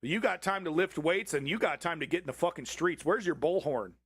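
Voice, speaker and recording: A man's voice: a little high, expressive, brisk, fairly bright tone, slightly rough, no echo. A man hosting a livestream, reacting to a political clip with angry, profanity-filled ranting. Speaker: livestream host.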